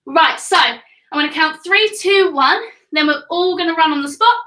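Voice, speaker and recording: The kids' fitness coach, a young woman with a very high, sharp voice, speaks at normal speed while counting reps in a home room, staying upbeat and encouraging as she gets out of breath. A distant mic gives a roomy, low-quality recording.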